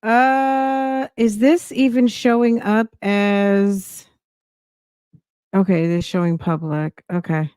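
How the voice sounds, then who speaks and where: A woman's voice: mid-range voice, fairly even intonation, slow, dark tone, clean tone, no room sound, clean studio sound. A woman hosting a casual live-stream reaction chat, greeting viewers by name and thinking aloud as she reads.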